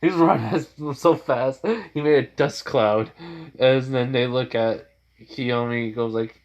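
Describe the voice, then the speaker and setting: A man's voice: medium pitch, fairly even intonation, takes it slowly, highs cut off. A man casually narrating a fan-made story, rambling with loose restarts. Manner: rambling, many fillers and restarts.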